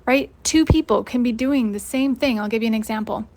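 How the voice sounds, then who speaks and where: A young woman gives a motivational coaching lesson in a relaxed, high-energy way. She talks casually, swears freely and breaks into laughter, with a fairly high voice. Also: brisk. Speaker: host and life coach.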